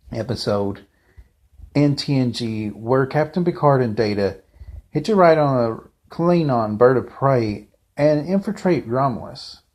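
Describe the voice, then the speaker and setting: A man's voice: mid-range voice, a little mellow. A man giving a casual, unscripted fan review, rambling off the cuff with frequent asides and restarts.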